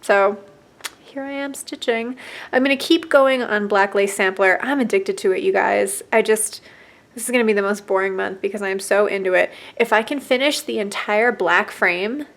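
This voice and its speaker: A woman's voice: medium pitch, a bit bright. A young woman chatting casually at home in a stitching vlog, talking with frequent fillers and small laughs. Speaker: stitching vlogger.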